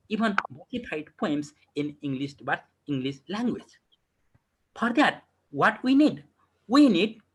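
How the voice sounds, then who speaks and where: A man teaches an online class on English poetry, his voice breathy and lively in pitch as it rises and drops. He poses questions and answers them himself, repeating key words for emphasis over a video call. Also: poor audio.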